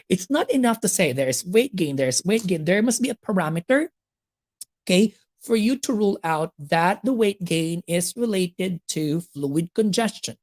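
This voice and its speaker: A woman's voice: lowish voice, darkish tone. A woman with a Filipino accent giving a nursing exam lecture, mixing English with Tagalog and checking in with "okay?" after each point.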